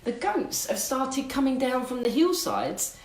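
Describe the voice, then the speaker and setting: A woman's voice: sits high, huge pitch swings, a little slow. A woman co-hosting a live-streamed coffee morning from home, chatting in a bubbly, storytelling way. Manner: bubbly, laughs easily, storytelling. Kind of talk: casual chat. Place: home room. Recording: echoey room, faint background noise.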